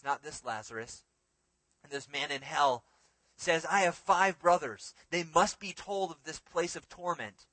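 Forceful, bright-voiced male preacher. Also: on the high side, no room sound. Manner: dramatic, swings between forceful emphasis and hushed lines. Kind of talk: sermon.

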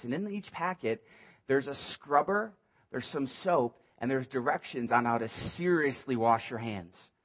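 Husky-voiced male pastor preaching. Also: fairly high pitch. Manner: earnest, swings from hushed pleading to quick animated storytelling. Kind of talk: sermon.

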